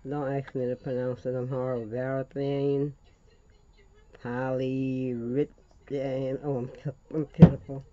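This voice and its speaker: Folksy older Louisiana woman, warm tone. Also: extremely low pitch, level tone, brisk, few pauses, lo-fi sound. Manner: folksy, rambling, calls viewers honey. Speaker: craft tutorial host. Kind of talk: chatty crafting tutorial.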